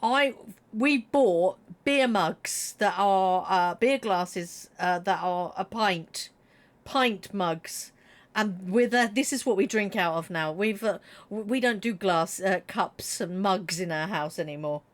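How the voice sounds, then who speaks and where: A woman's voice: mid-range voice, slow. A middle-aged woman streaming a game, chatting casually and giggling as she reads chat, with a slightly froggy throat. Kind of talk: casual live-stream chat while playing.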